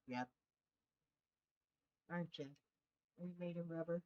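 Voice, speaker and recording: Slow-talking woman streamer, cooing. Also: on the low side, a little mellow, dull audio. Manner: coos and baby-talks to her cat. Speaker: game streamer. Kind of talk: casual live-stream chat.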